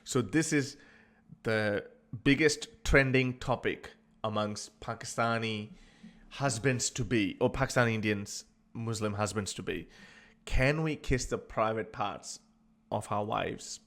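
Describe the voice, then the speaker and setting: A man's voice: on the low side, slow, fairly bright tone. A man giving comedic vlog commentary, mocking and laughing often, stammering when he gets flustered. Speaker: YouTube commentator.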